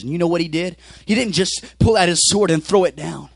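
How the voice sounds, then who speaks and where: Male preacher, high voice, theatrical sermon delivery that swings between shouts and whispers; dry, close recording. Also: lively intonation, fairly quick, gravelly, few pauses, no room sound. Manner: dramatic, acts out characters, swings from loud shouts to whispers.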